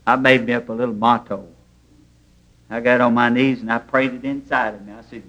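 A man preaching in a church, a mid-pitched voice that tells folksy stories with homespun grammar. The sound is dull and lo-fi, like an old sermon tape. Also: steady tone, brisk, fairly bright tone. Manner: folksy storytelling preaching, plain rural grammar.

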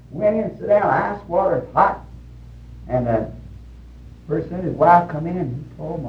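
A man preaching a sermon in a folksy storytelling way, with sudden shouted bursts when he quotes people. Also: fairly high pitch, expressive, normal speed, long pauses. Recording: roomy, distant, dull old recording with faint hiss.

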